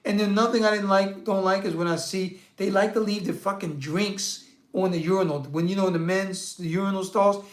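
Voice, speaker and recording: A man hosting a casual monologue, answering viewer questions in a blunt, profane, rambling and animated rant. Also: sits high, brisk. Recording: roomy echo.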